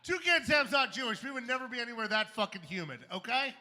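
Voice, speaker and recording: Guy doing standup, wry punchy delivery, real bright edgy voice, club reverb hanging on it. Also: very high voice, expressive, fast. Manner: wry, punchy, dark jokes. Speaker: stand-up comedian. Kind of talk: stand-up set. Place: comedy club stage.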